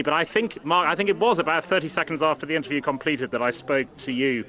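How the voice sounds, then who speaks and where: A man's voice: on the high side, fast talker, few pauses, bright, forceful tone. A male radio presenter telling a self-mocking anecdote in chat, with hesitant restarts.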